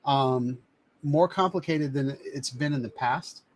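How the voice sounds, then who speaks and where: A man's voice: medium pitch, measured pace, a little hiss or hum. Chatty man hosting a live stream. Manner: chatty, rambling, shows items to camera. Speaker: live-stream host reviewing drones. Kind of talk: casual live-stream chat. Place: home studio.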